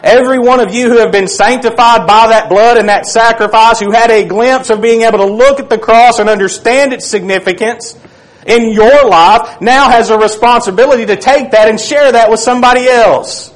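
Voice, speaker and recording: A man preaching a sermon, reading scripture aloud and dropping to a hush on key phrases. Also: very high-pitched, moderate pace, poor audio.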